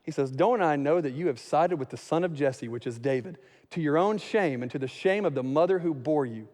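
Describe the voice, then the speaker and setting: Male pastor, high voice, animated sermon with acted-out quotes, long hall reverb. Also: fairly quick.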